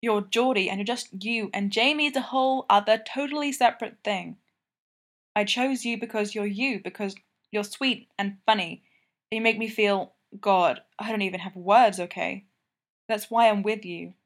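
A woman's voice: mid-range voice, moderate pace, lightly acted. A woman voicing an earnest, impassioned young man in an audiobook, talking in urgent, emphatic declarations. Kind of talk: audiobook character reading.

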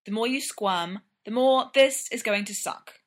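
A woman's voice: fairly high pitch, measured pace, close to an everyday voice. A woman voicing a blunt, impatient young man with a dry, matter-of-fact delivery.

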